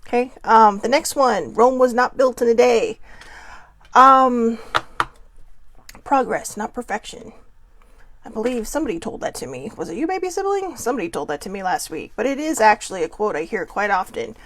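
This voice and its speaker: A woman hosting her own vlog, chatting casually with frequent fillers and laughs, telling stories with lively quoted voices. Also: a little high, normal speed, slight background noise. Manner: animated, lively quoting in dream story. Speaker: vlog host. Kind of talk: casual rambling chat.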